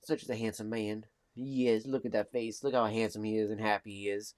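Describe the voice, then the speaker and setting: A man hosting a casual live stream, cooing affectionate baby talk and soft murmurs. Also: fairly low pitch, flat delivery, normal speed, no echo. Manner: coos affectionate baby talk at a pet cat; soft-spoken, drifting between murmurs and bright calls.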